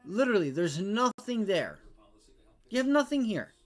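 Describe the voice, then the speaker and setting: A man's voice: high-pitched, sing-song, moderate pace. Foul-mouthed man ranting over stock charts. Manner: profane, exasperated rants at the chart; repeats phrases, talks to viewers as bro. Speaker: day-trading livestream host. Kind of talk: live trading commentary.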